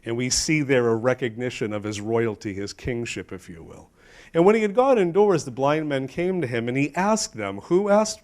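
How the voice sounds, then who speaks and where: Emphatic pastor preaching a sermon. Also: male voice, medium pitch, sing-song, normal speed. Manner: emphatic, asks the congregation questions, shifts between loud and hushed. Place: church sanctuary.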